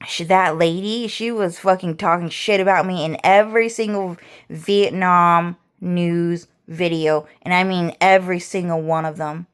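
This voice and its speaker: A woman's voice: lowish voice, fairly even intonation, measured pace, hardly any pauses, smooth. A woman vlogger ranting casually, rambling and swearing as she repeats herself. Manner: rambling, profane, repetitive.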